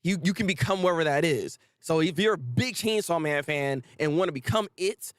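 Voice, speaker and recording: A man hosting a live manga reaction, excitable and quick to laugh. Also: a little high, clear, resonant tone. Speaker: host.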